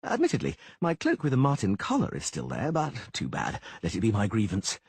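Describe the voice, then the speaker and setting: A man's voice: fairly low pitch, wildly swooping pitch, brisk, slightly rough, no room sound, full character voice. A man voicing a vain, flamboyant young bard with a theatrical manner in an audiobook. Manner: theatrical, exclaiming. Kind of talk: audiobook character voice.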